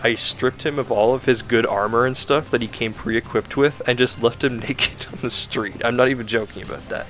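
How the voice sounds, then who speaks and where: A man's voice: mid-range voice, fairly even intonation, moderate pace, hardly any pauses, over music. A man giving a casual, rambling game review, ranting in an exasperated, sarcastic way with lots of fillers.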